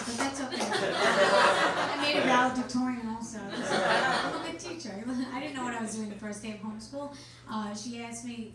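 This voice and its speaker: A middle-aged woman does a stand-up comedy set, her higher voice moving between deadpan punchlines and sudden shouts. She is recorded from far off in a small, echoey club. Loud background noise runs underneath her. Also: a little fast. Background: small crowd laughing.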